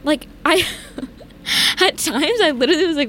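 A young woman co-hosting a casual chat, ranting animatedly with lots of "like" and big jumps in pitch. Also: animated, unhurried, fairly bright tone, a little hiss or hum. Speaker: podcast co-host.

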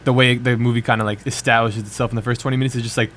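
A man's voice: mid-range voice, level tone, very fast, a bit bright, slight background noise. A young man co-hosting a college radio show, chatting casually and rambling with lots of filler words. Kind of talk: casual chat.

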